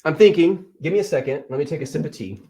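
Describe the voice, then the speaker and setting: A man in his thirties runs a live-stream Q&A, coaching viewers and reading out chat questions. His voice sits fairly high for a man and swings widely in pitch as he teases and cheers people on. He talks with energy and playful emphasis. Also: fast. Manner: energetic, animated, playful teasing. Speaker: livestream host and Amazon seller coach. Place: office.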